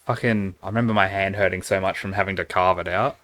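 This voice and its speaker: A man's voice: sits low, fairly even intonation, fast talker, fairly bright tone. A man on a casual podcast, telling easygoing stories about his school days in a laid-back way. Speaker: podcast co-host. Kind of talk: casual chat and storytelling.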